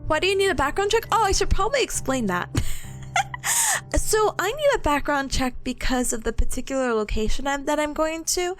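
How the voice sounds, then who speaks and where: A young woman with a high, bouncy voice that swoops up and down, chatting and storytelling on a livestream. She acts out quoted voices and laughs often, with faint music playing underneath. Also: animated, fairly quick. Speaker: streamer. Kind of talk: casual chat stream.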